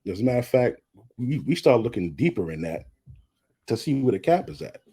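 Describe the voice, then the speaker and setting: Blunt, husky-voiced man ranting casually. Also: medium pitch, big pitch swings, fairly quick, dark tone. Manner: blunt, profane, worked up, repeats himself. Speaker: commentary vlogger. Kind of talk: casual commentary.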